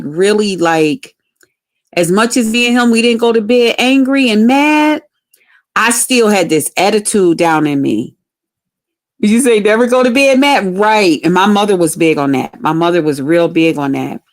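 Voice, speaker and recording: A woman hosting a livestream tells her viewers a personal story, talking casually and frankly, cursing freely and addressing them directly. Her voice is medium-pitched with lively intonation, and her pace is measured.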